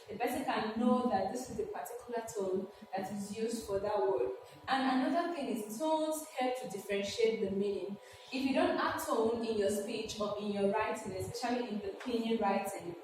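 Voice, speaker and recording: A woman teaches a Chinese lesson with a slightly high voice, patiently repeating each phrase. She sounds distant from the mic, and her voice rings around a large, echoey hall. A faint hiss sits underneath. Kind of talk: classroom-style lesson.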